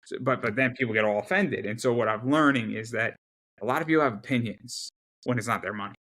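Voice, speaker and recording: Emphatic man with rapid restarts. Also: medium pitch, a bit bright. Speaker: interview guest. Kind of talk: casual interview chat.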